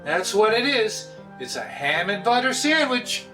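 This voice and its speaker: A man, hosting a casual cooking vlog in a joking, often loud way. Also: high-pitched, very animated, unhurried, soft background music. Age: 60s. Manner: jokey, often laughs and raises his voice. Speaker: cooking video host.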